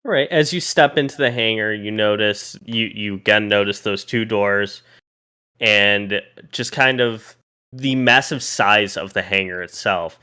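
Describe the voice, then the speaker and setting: A man narrating a tabletop role-playing game as game master, pausing and restarting as he describes each scene. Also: lowish voice, pushed and bright, clean tone.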